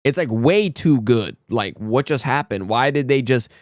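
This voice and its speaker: A man's voice: medium pitch, animated, normal speed, no room sound. Male reaction host, mid voice, dry close sound, eager and rambling. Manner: enthusiastic, slangy, rambling. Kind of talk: casual reaction commentary.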